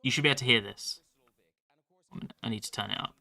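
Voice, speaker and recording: A man's voice: medium pitch, quick pace, vocal fry, bright, forceful tone. A male streamer chatting casually about his game and reading chat messages aloud. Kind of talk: live-stream gameplay commentary.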